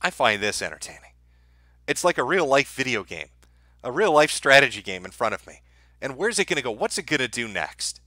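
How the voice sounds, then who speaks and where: A man's voice: mid-range voice, very animated, fairly quick, sharp tone, no room sound, clean studio sound. Sarcastic, foul-mouthed male streamer. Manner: sarcastic, crude and profane. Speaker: live-stream host. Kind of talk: live-stream commentary to chat.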